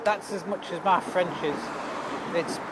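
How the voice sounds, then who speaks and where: A high-pitched man speaks a little slowly on a very noisy recording as he vlogs while cycling by a river. Live-streaming, he jokes around in a chatty way and reads viewers' comments aloud.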